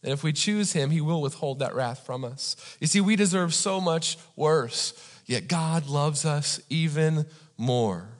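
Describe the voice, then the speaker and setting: A pastor from Indiana gives a sermon, telling a story in a chatty way and often asking the crowd "right?". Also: male voice, on the high side, a little slow. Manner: conversational, repeats "right?" for the audience. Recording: long hall reverb.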